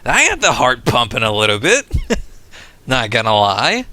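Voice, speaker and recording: Lively bright-voiced male game streamer. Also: medium pitch, unhurried, dry recording. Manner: talks to chat, self-coaching, laughs often. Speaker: streamer playing a flight sim. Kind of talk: casual live-stream commentary.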